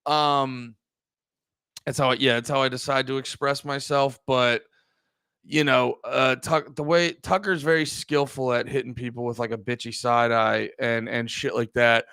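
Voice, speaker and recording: Loud, rambling, profane male streamer. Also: medium pitch, fairly even intonation, a little slow, smooth, no echo. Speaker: livestream host. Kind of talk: casual livestream commentary.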